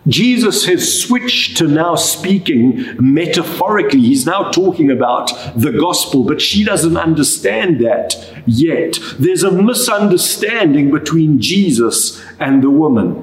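Male preacher, sermon; slightly high, lively pitch, roomy echo. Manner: reflective, expressive, slow and deliberate.

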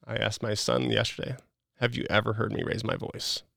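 A man with a low, gravelly voice coaches a guest in a relaxed talk, blunt and profane, slipping into quick acted-out quotes. The sound is dry and close, with no room around it. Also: dry recording. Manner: blunt, coaching, swears casually, acts out quotes. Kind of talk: casual advice chat.

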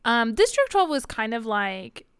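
A woman's voice: on the high side, very animated, unhurried, smooth, dry recording, studio quality. A woman co-hosting a podcast, chatting casually about a novel, often laughing and briefly mimicking characters. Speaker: podcast co-host. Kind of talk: casual book-club chat.

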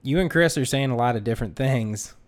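A man's voice: medium pitch, brisk. Laid-back man hosting from home. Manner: relaxed, with frequent hesitant fillers. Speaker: podcast host. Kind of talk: casual conversational interview. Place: home dining room.

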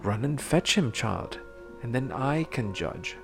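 A kindly fairy godmother who hurries her godchild along with brisk, motherly commands, as a man reading a storybook puts her on. The voice is gravelly, with music playing underneath. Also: medium pitch, sing-song, heavily acted.

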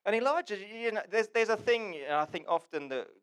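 A man preaching a sermon, telling the story with wry, sarcastic humour and swinging between loud and hushed. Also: high-pitched, animated, a little fast, smooth.

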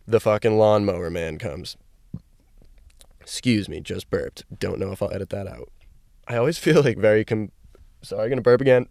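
A young man talks into a microphone from inside his parked car, rambling on his solo podcast with a low, gravelly voice. His delivery is loose and chatty and full of casual swearing. The sound is dry, with no room echo. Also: moderate pace, darkish tone. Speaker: podcast host.

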